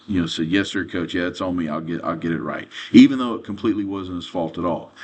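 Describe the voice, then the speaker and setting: A man teaching as a quarterback coach in an earnest coaching lesson, often pausing to check in with "okay?". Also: fairly low pitch, husky.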